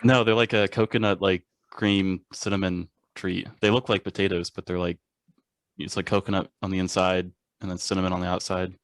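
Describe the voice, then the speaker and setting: Deep-voiced young male co-host. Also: level tone, a little fast, no echo, studio quality. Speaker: podcast co-host. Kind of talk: casual chat.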